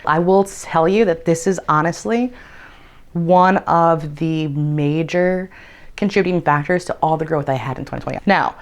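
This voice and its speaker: Chatty low-voiced woman vlogger. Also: moderate pace. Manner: chatty, frequent "like" and "um" fillers, casual swearing. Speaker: tarot content creator. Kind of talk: casual instructional vlog.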